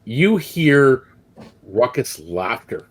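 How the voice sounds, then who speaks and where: Slow-talking male game master. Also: mid-range voice, sing-song. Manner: unhurried, hesitant, many ums. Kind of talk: narrating a tabletop game.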